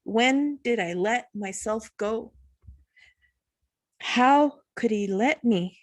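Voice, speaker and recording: A woman reading her own poetry at an online open mic from home, slow and measured, pausing between lines. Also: fairly high pitch, dry recording.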